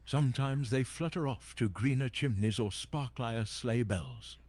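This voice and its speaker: A man's voice: mid-range voice, unhurried, darkish tone, natural voice. A synthetic male voice playing a jolly old Santa Claus chatbot, chatting cheerily in holiday wordplay. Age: older.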